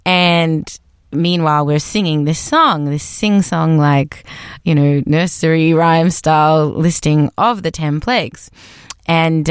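A woman's voice: deep voice, smooth, no room sound, studio quality. A woman musician talking reflectively in an interview, rambling with restarts. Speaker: musician guest. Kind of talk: conversational podcast interview.

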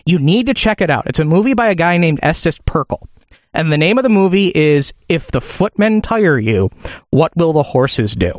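A man's voice: a little high, moderate pace, no room sound, studio quality. A man co-hosting a podcast, telling funny stories in casual chat. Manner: animated, joking storyteller. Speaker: podcast co-host.

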